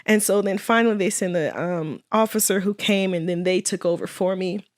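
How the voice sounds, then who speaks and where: A woman's voice: medium pitch, a little fast, dry recording, studio quality. A woman guest in an interview telling a personal story with earnest faith and quoted dialogue. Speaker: guest, widow.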